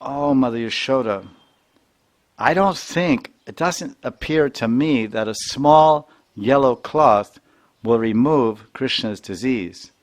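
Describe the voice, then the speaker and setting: A man's voice: mid-range voice, slow pace, lightly acted. A man voicing a sly, all-knowing woman servant who teases with a joking suggestion. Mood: teasing. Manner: teasing, joking.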